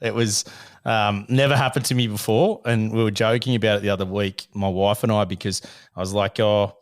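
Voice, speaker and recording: Australian male host, thirties, hoarse, dry close sound, animated storyteller who laughs often. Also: lowish voice, a little fast, no room sound. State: hoarse from illness. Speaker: podcast host. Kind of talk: casual chat.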